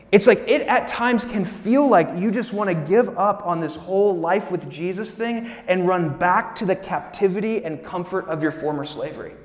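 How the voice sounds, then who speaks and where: Young male pastor, high-pitched and conversational, preaching in a reverberant church hall. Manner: casual, animated preaching with direct asides to the congregation. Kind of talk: sermon.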